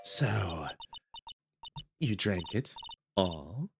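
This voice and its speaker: A narrator putting on a creepy woman who speaks low and hushed with quiet menace. A gravelly rasp creeps through her voice. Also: lively intonation, very slow, soft background music, heavily acted. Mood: sinister. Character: creepy soft-spoken woman offering poisoned treats. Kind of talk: game playthrough voice acting.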